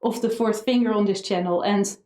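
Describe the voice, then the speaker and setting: A woman teaching a violin lesson, chanting practice rhythms slowly and coaxing students in a playful, encouraging way. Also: medium pitch, steady tone, dark tone. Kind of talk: online music lesson. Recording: roomy echo, violin music behind.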